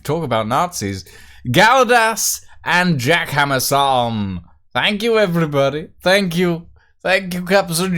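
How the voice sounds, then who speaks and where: This is a man hosting a casual livestream, his voice sitting a little higher than most. He speaks slowly and rambles playfully. At times he drops into low, absent-minded muttering while he writes. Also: a bit bright. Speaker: livestream host.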